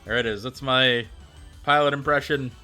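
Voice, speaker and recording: A man's voice: mid-range voice, steady tone, moderate pace, sharp tone, soft background music. A man streaming and chatting casually with viewers, rambling with plenty of fillers and answering them by name. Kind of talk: casual livestream chat.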